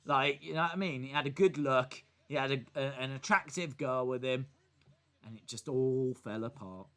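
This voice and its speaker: A man hosting a wrestling watch-along stream, giving excited live reaction commentary and joking, with bursts of shouting. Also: medium pitch, normal speed.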